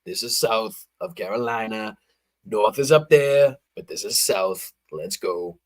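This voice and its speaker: A man hosting a show delivers sarcastic, profane live commentary over a political speech, swearing and breaking into bursts of laughter. His voice is fairly low and unhurried, with slight background noise.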